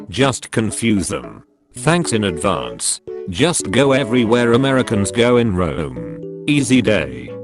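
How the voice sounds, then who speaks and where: A computer-generated male voice reading short forum posts aloud one after another, in an evenly paced synthetic delivery. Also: lowish voice. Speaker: text-to-speech narrator. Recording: clear music bed behind the voice. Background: background music.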